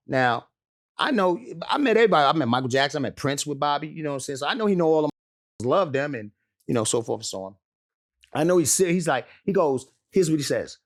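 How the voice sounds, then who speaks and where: A man's voice: on the high side, big pitch swings, moderate pace, long pauses. A man telling a wild story as an interview guest, swearing often, laughing and acting out the voices of the people involved. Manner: profane, laughs through his story, acts out quotes. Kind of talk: animated storytelling.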